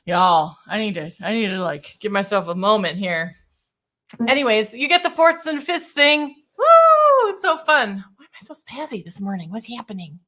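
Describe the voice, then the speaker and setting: A woman voice coach leading a livestream singing warm-up, chatty and self-deprecating, demonstrating sung exercises on simple syllables. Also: mid-range voice, normal speed. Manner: chatty and self-deprecating, laughing at her own slips.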